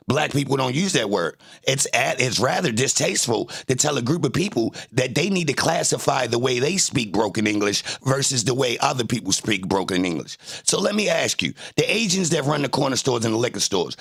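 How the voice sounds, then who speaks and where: A man's voice: medium pitch, lively intonation, fairly quick, gravelly, few pauses, a bit bright, slightly rough. A man livestreaming, arguing with his chat in a confrontational, taunting way and repeating his jabs. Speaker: livestreamer reacting to trial footage. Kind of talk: casual live-stream commentary, arguing with chat.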